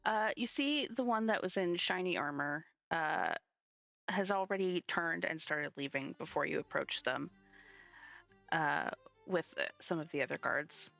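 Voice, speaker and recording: A woman's voice: sits low, expressive, a little slow, gravelly, a bit bright, dry recording, lo-fi sound, soft background music. A woman running a tabletop game as game master, narrating with lots of fillers and frequent laughs. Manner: laughs often, many fillers. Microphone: streaming mic.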